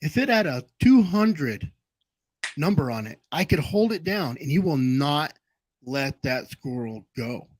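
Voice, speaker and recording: A man's voice: fairly high pitch, very animated, unhurried, no room sound, rough recording. Rambling storytelling man, dry sound. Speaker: livestream host. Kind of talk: casual chat.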